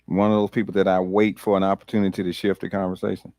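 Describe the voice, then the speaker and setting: A man's voice: low-pitched, level tone, fast, mellow, no room sound, studio quality. A man pastor leading a Bible study, talking conversationally, repeating words and laughing easily.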